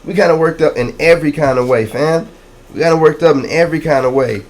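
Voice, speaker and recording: A man giving a casual tarot reading to his viewers, excitable and slangy, repeating catchphrases and calling out to the audience. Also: a little high, fast talker. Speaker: tarot reader.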